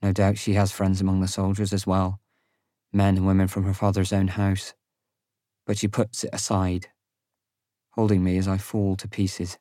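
A man narrating a fantasy audiobook in the first person, with a measured, sombre reading on a close studio mic. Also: low voice, completely flat delivery, dark tone, no echo.

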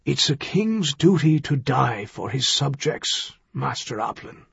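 A man's voice: medium pitch, big pitch swings, unhurried, creaky, breathy edge, dry recording, highs cut off, exaggerated voice. A man voicing a dying male king who speaks faintly and weakly. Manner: faint, quiet and weak.

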